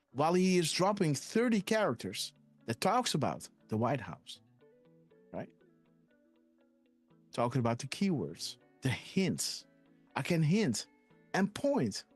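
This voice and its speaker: A man's voice: mid-range voice, husky. A man hosting a live decoding stream, rambling and hesitant, often tagging "guys, right?" onto his sentences. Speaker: host.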